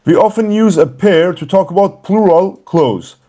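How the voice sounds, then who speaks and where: A man teaching an English class, slow and emphatic, repeating words for learners. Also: high-pitched, animated, dark tone. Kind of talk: classroom lesson.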